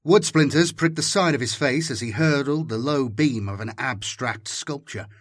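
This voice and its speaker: A man's voice: medium pitch, moderate pace, no room sound. A man doing dramatic scripted audiobook narration on a close mic. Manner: dramatic, animated storytelling.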